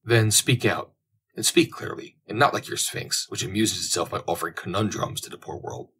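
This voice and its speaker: A man voicing an excitable old sea captain in an audiobook, blustering and exclamatory. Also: lowish voice, normal speed, husky. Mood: gruff.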